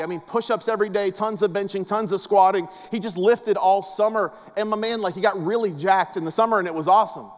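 A man preaching a casual, humorous sermon, telling family stories with a preacher's cadence. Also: high voice. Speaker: pastor. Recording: long reverb of a large hall.

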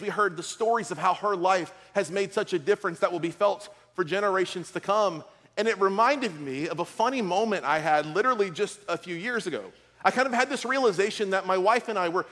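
Pastor, male, middle-aged, high voice; preaches with funny stories, in a big reverberant hall. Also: a bit bright. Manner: storytelling with comic asides. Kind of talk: sermon.

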